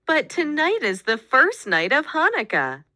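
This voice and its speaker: A woman voicing an earnest young girl in a storybook, with a high childlike delivery. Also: huge pitch swings, slow, bright, forceful tone, no echo, studio quality, heavily acted. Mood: upset.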